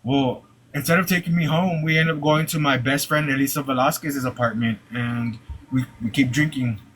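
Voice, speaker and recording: A young man telling a personal story live, halting, with many "like"s and repeated restarts. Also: medium pitch, steady tone, fairly bright tone, slight background noise, low-quality recording.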